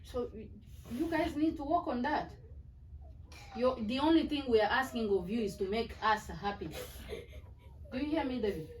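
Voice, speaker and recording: A woman's voice: on the high side, moderate pace, long pauses. A middle-aged woman, a mother lecturing her children at a family meeting in a firm, earnest way. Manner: firm, earnest, repeats "do you hear me". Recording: distant mic with faint background noise.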